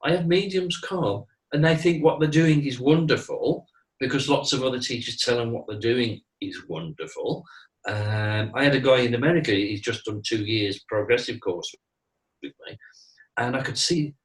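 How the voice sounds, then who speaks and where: A man's voice: mid-range voice, distant mic, low-quality recording. Earnest man speaking from afar. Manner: earnest, repeats words and says "you know" often. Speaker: mediumship teacher. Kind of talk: casual interview chat.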